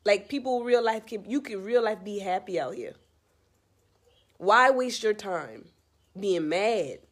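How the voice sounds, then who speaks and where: A woman's voice: medium pitch, expressive, unhurried, slightly rough. Earnest woman giving casual life advice. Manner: earnest, repetitive, preachy, talks straight to the listener. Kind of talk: casual heartfelt monologue.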